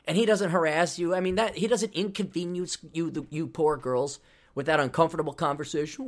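A man's voice: fairly high pitch, steady tone, fairly quick. A man hosting a podcast, telling a casual, profane story full of tangents and restarts. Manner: profane, rambling, drifting into tangents. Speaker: podcast host.

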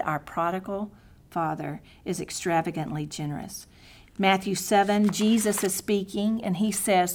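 A middle-aged woman teaching a devotional lesson at a mid pitch, earnest and heartfelt. She often drops to soft, near-whispered tones for prayers and scripture, then lifts again to press her point. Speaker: Bible teacher.

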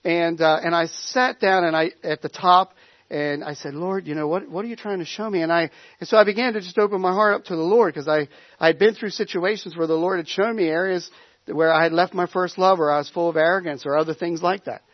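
A man with a fairly high voice preaches in a loose, conversational way, circling back and restarting his sentences as he tells a story. The recording is dry and a little muffled. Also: brisk, dry recording. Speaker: pastor. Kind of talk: sermon.

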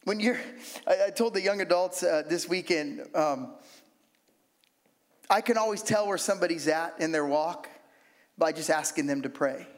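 A man preaching a sermon in an animated, conversational way, with humorous asides. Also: on the high side, moderate pace. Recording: long hall reverb.

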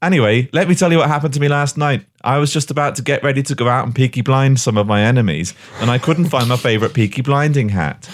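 A young man telling a mock-dramatic comic story, animated and swearing. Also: mid-range voice, fast, few pauses. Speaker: podcast host.

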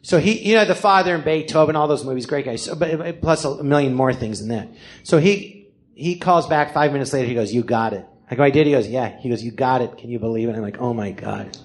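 Speaking a little fast at a medium pitch, a male comedian recounts his life on a live podcast from a theater stage. He animatedly voices the people in his story, curses without restraint, and is self-deprecating throughout.

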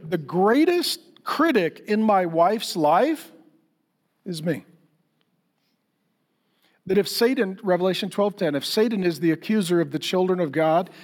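A middle-aged pastor with a notably high voice preaches in an easy, conversational way. He is candid and self-deprecating, and he often slips into acting out quoted exchanges. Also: in a large hall. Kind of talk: sermon.

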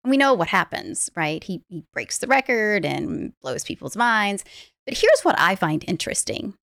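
A woman's voice: medium pitch, normal speed, vocal fry, no room sound, clean studio sound. A woman life coach telling stories with energy in a podcast conversation, laughing easily. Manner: animated storyteller, laughs easily.

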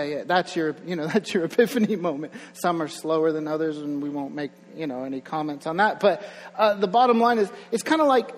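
A young man preaching a sermon in a church, conversational, with chuckling asides and rising energy. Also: a little high. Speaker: pastor. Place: church sanctuary. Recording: long hall reverb, faint mains hum.

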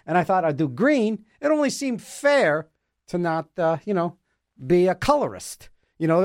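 A man's voice: high voice, sing-song, normal speed, no echo, clean studio sound. A man hosting a radio show, rambling in a playful, self-mocking comic monologue, tripping over words and repeating them as he argues with himself. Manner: talks to himself in back-and-forth mock dialogue.

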